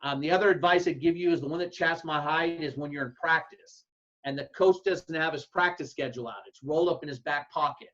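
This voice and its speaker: A man, a football coach, giving blunt, folksy advice to other coaches and acting out his own yelled calls. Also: a little high, brisk. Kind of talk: casual advice talk to coaches. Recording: dull lo-fi sound.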